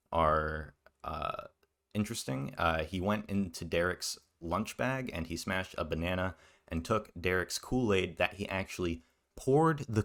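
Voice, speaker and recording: Male reaction commentator, very low voice, blunt and scornful, sarcastic. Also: a bit bright. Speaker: commentary youtuber.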